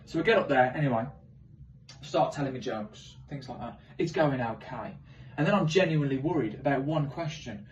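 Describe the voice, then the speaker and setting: A man doing animated, self-mocking stand-up storytelling on stage. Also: mid-range voice, moderate pace, distant mic, dull audio, slight background noise. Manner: animated, self-mocking, swings into loud exclamations. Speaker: stand-up comedian.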